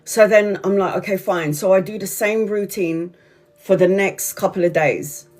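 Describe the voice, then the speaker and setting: A woman's voice: medium pitch, normal speed, a little mellow, soft background music. A woman chatting to viewers on a livestream, telling a story in a rambling, repetitive way and swearing often. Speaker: tarot reader on a livestream. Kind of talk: casual livestream chat.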